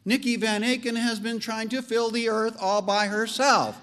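A man preaching a sermon as pastor, animated and joking, leaning on slow emphatic phrases. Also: high-pitched.

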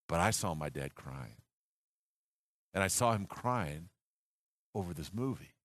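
A man in his sixties preaches through a personal story, earnest and halting, often restarting his sentences. His pitch rises and falls in wide swings as he goes. The sound is dry and close, with no room around it. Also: sing-song, no room sound. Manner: earnest storytelling with many restarts and acted quotes. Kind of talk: sermon storytelling.

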